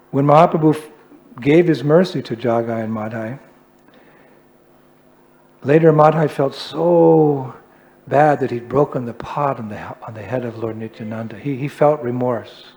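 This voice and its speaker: A male swami giving a humorous, self-deprecating storytelling sermon in an animated way. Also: medium pitch, unhurried, pauses often. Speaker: swami, preacher.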